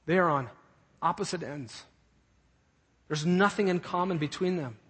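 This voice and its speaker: A man's voice: high-pitched, breathy edge. A man preaching a sermon to a congregation. He stresses his points by repeating short phrases. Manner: emphatic, repeats key phrases. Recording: long reverb of a large hall.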